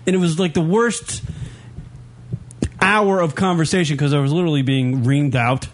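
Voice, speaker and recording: A man's voice: fairly high pitch, steady tone, moderate pace, a little hiss or hum. A man in his thirties hosting an internet radio show, telling a long rambling story in casual studio banter. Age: 30s. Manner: rambling storyteller, frequent restarts.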